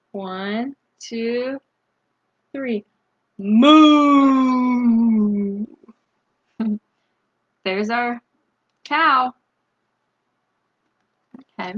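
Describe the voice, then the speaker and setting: A woman reading a picture book aloud to children, gently asking them questions and breaking into loud animal sounds. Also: a little high, dull audio. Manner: slow, gentle, asks the young listeners questions; bursts into loud animal noises. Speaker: storytime reader.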